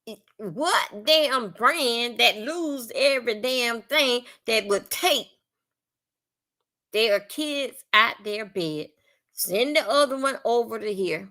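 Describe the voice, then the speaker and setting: A woman's voice: on the high side, expressive, takes it slowly, sharp tone. Blunt Floridian woman ranting on a live stream. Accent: Southern US (Florida). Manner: blunt, profane, heated, rambling repetitions. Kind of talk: live-stream commentary rant.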